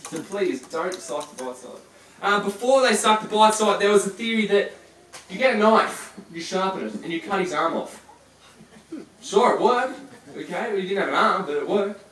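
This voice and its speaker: A man's voice: high-pitched, lively intonation, moderate pace, a bit bright. A man presenting a live reptile show, teasing his audience and volunteer in a chatty, joking way. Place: large room with audience. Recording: echoey, distant, crowd noise.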